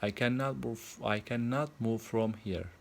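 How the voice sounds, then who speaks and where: A man voicing a small, gentle male bird in a plainly read storybook. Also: mid-range voice, fairly even intonation, unhurried, vocal fry.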